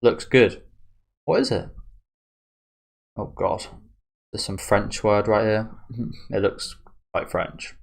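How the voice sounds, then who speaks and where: A man's voice: on the low side, steady tone, slow pace, creaky, long pauses. A man hosting a manga reaction, chatting casually and musing aloud as he reads, often restarting phrases and chuckling. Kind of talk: casual commentary while reading a manga.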